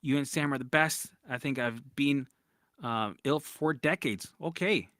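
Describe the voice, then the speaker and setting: A man's voice: medium pitch, measured pace, dry recording, studio quality. A man hosting a casual live-stream Q&A as a recovery coach, talking bluntly with swearing and frequent restarts. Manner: blunt, profane, animated, with lots of restarts.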